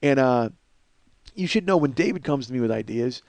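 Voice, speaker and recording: A man in his forties with a hoarse voice, hosting a comedic solo podcast in a rambling, profane, self-mocking way, in his home kitchen. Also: mid-range voice, expressive, a little fast, darkish tone, dry recording. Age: 40s. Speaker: podcast host.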